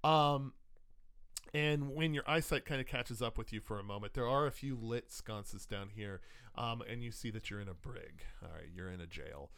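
Low gravelly guy running a tabletop game, lots of ums and likes. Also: fairly bright tone. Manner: loose and halting, full of ums and likes. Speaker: game master.

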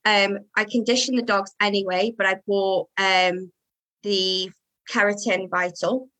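A woman dog groomer chats in a casual interview, animated and imitating her customers' voices. She speaks in a mid-range voice at a measured pace, and the recording is rough.

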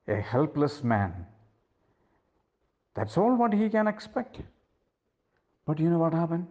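Male preacher, sermon storytelling, rhetorical questions, slow deliberate pace, lively pitch. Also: lo-fi sound.

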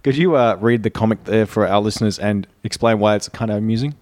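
A man co-hosting a podcast, teasing the others in quick, laughing banter. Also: lowish voice, darkish tone. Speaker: podcast co-host. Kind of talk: casual chat.

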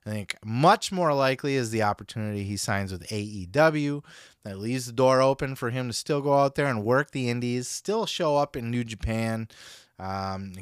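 Male podcast host, mid pitch, dry mic, excitable and profane. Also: dry recording. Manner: excitable, profane, laughs often. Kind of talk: casual chat.

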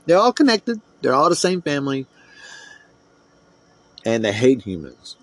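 A man's voice: mid-range voice, big pitch swings, a little slow, dry recording. A middle-aged man from the United States, hosting a podcast and ranting in a heated, profane, rambling way. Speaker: podcast host. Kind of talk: solo podcast rant.

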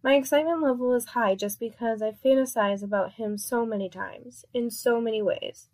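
Female narrator, a touch high, confiding storyteller, scripted first-person erotic read. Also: moderate pace, darkish tone. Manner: candid, playful, confiding.

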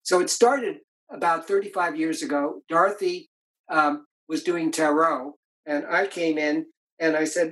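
A man's voice: a little high, unhurried, fairly bright tone, rough recording. An older man, an author being interviewed, reflectively telling stories about his marriage in a conversational way. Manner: reflective, tells anecdotes with many restarts. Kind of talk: storytelling in conversation.

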